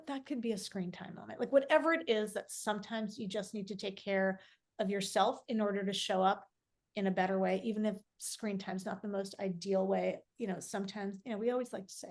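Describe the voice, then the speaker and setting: A middle-aged woman speaking candidly as a podcast guest, reflective and often restarting her sentences. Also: medium pitch. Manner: reflective, talks in restarts and fillers. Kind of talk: candid conversational interview.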